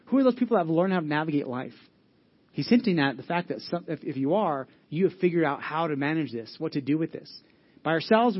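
A man with a high voice preaches a conversational sermon, earnest and direct. He restarts and repeats phrases as he goes and keeps asking the congregation questions. The recording sounds dull and lo-fi. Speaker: pastor.

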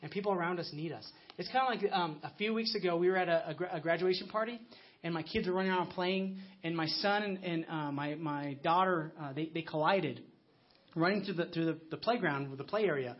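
In a muffled, lo-fi recording, a US pastor in his thirties preaches conversationally, telling stories with frequent restarts. He speaks a little fast at a fairly high pitch.

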